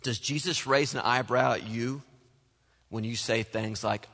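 A man preaching a sermon as pastor, animated, acting out the voices he quotes. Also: medium pitch, a little slow. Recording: long hall reverb.

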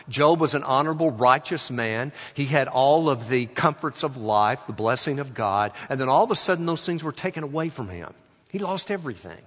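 Man preaching a slow, emphatic sermon. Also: mid-range voice, long reverb tail. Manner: slow, emphatic phrasing that trails off quietly at line ends. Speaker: pastor.

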